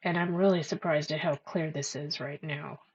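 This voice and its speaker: A woman hosting a livestream, talking straight to her chat in an emotional, excitable way. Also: low-pitched, moderate pace. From Canada. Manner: emotional, talks to chat directly. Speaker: livestream host. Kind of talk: live-stream commentary. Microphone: headphones with mic. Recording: dull lo-fi livestream audio with background noise.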